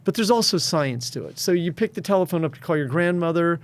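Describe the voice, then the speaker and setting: A man's voice: fairly high pitch, expressive, fast. A man being interviewed as a success and addiction coach, telling stories with confidence and acting out the voices of people he quotes. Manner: storytelling, acts out quoted voices. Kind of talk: interview conversation.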